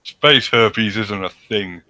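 A podcast co-host with a cold chats casually and reads notes in a dry, sardonic manner, swearing as he goes. His voice sits on the low side, slow-paced, with a pushed, bright quality.

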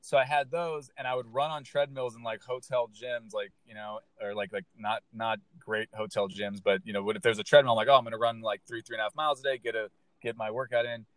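A male comedian talks casually and tells his stories with lively swings of pitch, often acting out what people said. He swears a lot. The sound is dry and close, with no room echo. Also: fast talker. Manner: animated storyteller, swears freely, acts out quotes. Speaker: stand-up comedian. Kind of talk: casual podcast chat.

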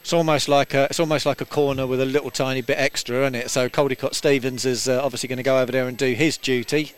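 A man's voice: medium pitch, fairly even intonation, quick pace, smooth. A man working as a football co-commentator, chatty, with short reactions and rambling asides. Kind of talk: casual match analysis.

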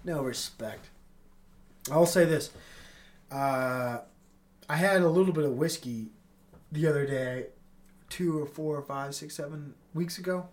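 A man's voice: fairly high pitch, unhurried, pauses often. A man with a stuffy nose hosting a casual solo podcast from his apartment, rambling and swearing in a laid-back way. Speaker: podcast host. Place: apartment with tenants upstairs.

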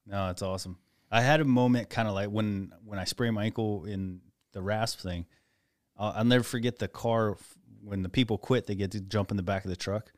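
Low-voiced man, laid-back veteran talk. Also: steady tone, fairly quick, no echo, clean studio sound. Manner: laid-back, reflective, swears casually. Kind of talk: casual podcast conversation.

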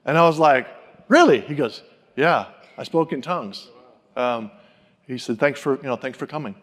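A man preaching a sermon, telling personal stories and acting out the people he quotes in an animated way. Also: mid-range voice, moderate pace, in a large hall. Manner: animated, acts out quoted voices. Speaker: pastor. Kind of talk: sermon storytelling.

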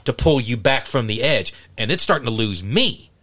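A man chatting on a podcast, earnest and prone to stammering restarts. His voice is bright and lively in pitch. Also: moderate pace. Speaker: podcast co-host. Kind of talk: casual chat.

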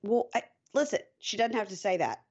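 A woman's voice: mid-range voice, lively intonation, fairly quick, darkish tone, highs cut off, a little hiss or hum. A woman guesting on a podcast, recapping a show in a dry, matter-of-fact way. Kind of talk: casual recap chat.

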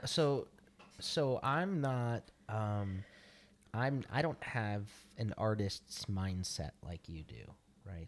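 A man co-hosting a casual podcast chat, easygoing and halting with fillers, his throat a little rough from allergies. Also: fairly low pitch, slight background noise. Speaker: podcast co-host.

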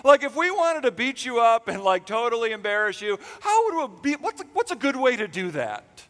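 A man's voice: extremely high pitch, sing-song, fairly quick, a bit bright, voice pushed up, exaggerated voice. Male pastor doing a whiny, coaxing young woman, raised and sing-song, in a reverberant church hall. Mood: wheedling. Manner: coaxing, valley-girl "like" phrasing. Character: nagging young woman wheedling her lover.

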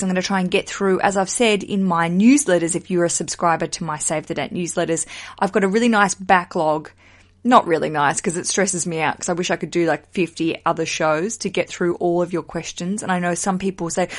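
A woman hosting her own podcast, chatting casually and joking at her own expense, in her thirties. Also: lowish voice. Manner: chatty, jokey, self-mocking, swears casually. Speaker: podcast host. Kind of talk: casual solo podcast chat.

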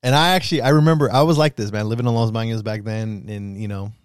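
A man's voice: fairly low pitch, steady tone, fast, clean tone, no room sound, studio quality. Profane storytelling man, casual chat. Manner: profane, storytelling, acts out quotes.

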